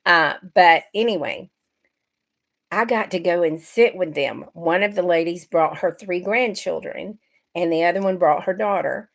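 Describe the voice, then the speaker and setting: Brief: middle-aged woman, lowish voice, chatty livestream host who talks straight to her viewers. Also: measured pace, creaky. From Georgia, US. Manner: chatty, greets viewers by name. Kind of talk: casual livestream chat.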